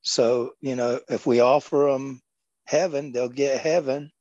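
A man shares a thought with his church group, his voice mellow and soft-edged. He speaks in a self-deprecating way. The recording is dry and dull, with a lo-fi sound. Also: medium pitch, fairly even intonation, measured pace, dry recording. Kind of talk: sharing in a group.

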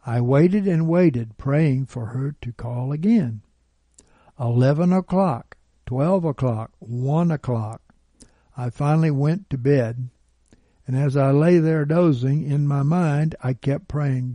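A man's voice: medium pitch, takes it slowly, mellow, no echo. A man narrating a personal account in an earnest, pleading storytelling manner.

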